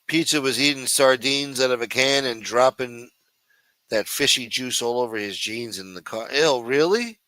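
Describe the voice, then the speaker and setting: A man's voice: medium pitch, steady tone, normal speed, sharp tone, no echo, low-quality recording. A man hosting a livestream, ranting with constant profanity in a sneering, contemptuous way. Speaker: livestream host.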